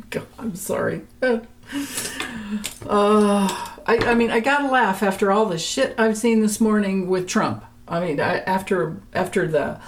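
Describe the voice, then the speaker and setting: A woman's voice: medium pitch, slight background noise. A woman giving a chatty tarot reading, laughing often and restarting her sentences as she talks. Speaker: tarot reader. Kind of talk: casual tarot reading vlog.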